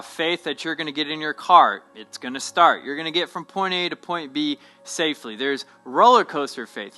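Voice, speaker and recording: A man's voice: a little high, pushed and bright, rough recording. A young man, a pastor, giving a short devotional talk in a casual, conversational way that often checks in with "right?".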